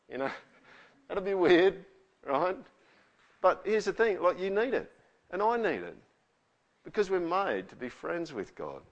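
A man's voice: mid-range voice, very animated, normal speed, lo-fi sound. A man preaching a conversational sermon, often asking the listeners questions. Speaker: pastor.

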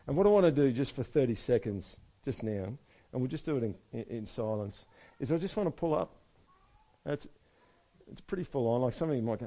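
A man's voice: medium pitch, lively intonation, a little fast, warm tone. A man giving a conversational Bible talk who asks his listeners direct questions and acts out what ordinary people might say. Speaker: preacher.

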